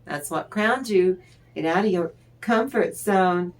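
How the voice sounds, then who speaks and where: A woman giving a tarot reading, talking straight to the listener in an encouraging, unhurried way and laughing often. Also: fairly low pitch. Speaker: tarot reader. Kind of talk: tarot card reading to the viewer.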